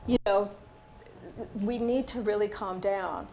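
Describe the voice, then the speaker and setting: An older woman in her sixties teaches a workshop in a casual, unguarded way. Her voice sits at a middle pitch as she shares personal stories, pausing often on small fillers. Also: steady tone, a little mellow, a little hiss or hum. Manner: candid, personal storytelling with fillers. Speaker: workshop instructor.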